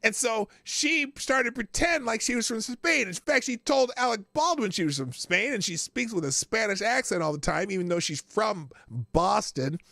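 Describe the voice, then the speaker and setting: A man's voice: high-pitched, lively intonation, normal speed, creaky, few pauses, pushed and bright, no echo, studio quality. A male host giving casual live commentary, crude and mocking, often breaking into laughter.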